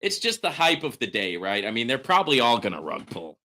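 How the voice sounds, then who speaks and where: A man hosting a live question-and-answer chat, animated and prone to sudden hollering, tagging his points with "right?". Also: mid-range voice, a little fast. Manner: animated, hollering bursts, calls viewers bro; frequent "right?" tags. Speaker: host.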